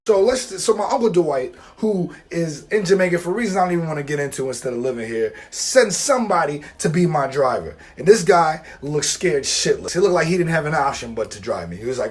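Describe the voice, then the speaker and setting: A young man telling a comic story to camera in an animated, profane way, acting out the voices of the people in it. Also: fairly high pitch, a little fast. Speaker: vlogger.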